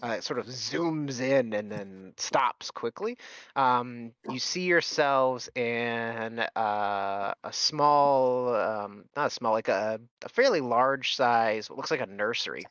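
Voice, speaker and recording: Male game master, bright tone, halting delivery with fillers, dull lo-fi recording. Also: medium pitch, clean tone, no echo. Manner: halting, many ums and restarts. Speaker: dungeon master. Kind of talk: narrating a tabletop game. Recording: dull, lo-fi sound.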